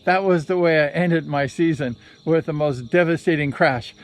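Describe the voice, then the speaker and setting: A man's voice: on the high side, moderate pace. A man and former motorcycle racer telling a story in a rambling, conversational way, sometimes correcting himself. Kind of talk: casual storytelling vlog.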